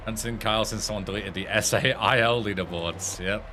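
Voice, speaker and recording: An English man streams a game and chats casually, telling an animated story full of free-flowing swearing. His voice is lowish and fairly quick, with background noise behind it.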